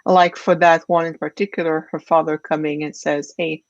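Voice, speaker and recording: A woman's voice: low voice, little pitch movement, normal speed, dry recording, dull audio. A woman hosting an interview, affirming and enthusiastic toward her guest. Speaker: host.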